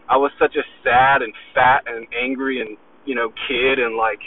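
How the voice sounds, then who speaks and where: A man in his twenties rants about drive and success, swearing often and boasting in an intense, combative way. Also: medium pitch. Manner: profane, intense, boastful, keeps asking "you know?". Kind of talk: motivational rant to camera. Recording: tinny phone-like audio with faint noise.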